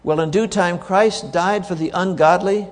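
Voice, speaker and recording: A man delivers a sermon with emphatic force, often repeating his key words and asking the congregation rhetorical questions. His voice sits a little high for a man. The sound rings with the long reverb of a large hall. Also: fairly even intonation, moderate pace. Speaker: preacher.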